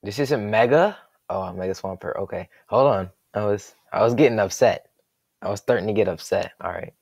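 A young man with a lowish, gravelly voice calls his own game in a loose, jokey commentary. He thinks out loud and reacts sharply to every move, and the recording is dry and close to the mic. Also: moderate pace, no room sound. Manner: excitable, jokey, thinks aloud. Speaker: gaming commentator.

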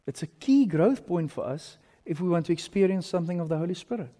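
A South African man in his thirties preaches in a high, bright-edged voice. He tells stories with animated swings from loud to hushed, and a long reverb trails each phrase around the church hall. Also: fast. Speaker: pastor. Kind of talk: sermon.

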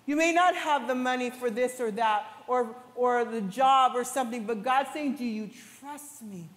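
A woman pastor preaching a sermon with passion, at times rising to shouts. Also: fairly high pitch, moderate pace. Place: large church hall. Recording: echoey church hall with long reverb.

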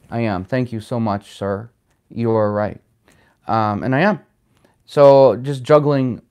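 Smooth-voiced man chatting on a livestream. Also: medium pitch. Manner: rambling, chatty, reads out viewer comments. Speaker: livestream host answering viewer chat. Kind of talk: casual livestream chat. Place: home in Chicago.

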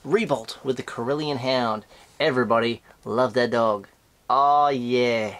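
An Australian man hosting a casual unboxing vlog, his voice nasal and stuffy from a flu, bursting into excited squeals. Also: unhurried. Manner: excitable, with sudden high squeals of delight. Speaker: host of a toy unboxing channel.

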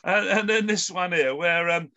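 A man's voice: high-pitched, normal speed, bright, forceful tone, lo-fi sound. A man hosting an online panel discussion over a video call, talking in a hesitant way with many ums and restarts. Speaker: host.

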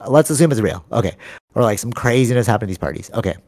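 A man's voice: mid-range voice, animated, racing, a little mellow, no room sound. Rambling young man, dry close sound. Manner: rambling, slangy, keeps saying bro. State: sleep-deprived. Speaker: podcast co-host. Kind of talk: casual chat. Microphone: studio microphone.

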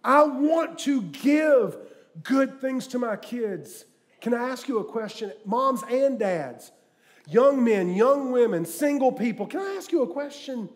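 A middle-aged man preaching a sermon, telling jokey stories and swinging from quiet asides to loud bursts. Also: extremely high pitch, animated, unhurried. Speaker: guest preacher. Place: church sanctuary with live audience.

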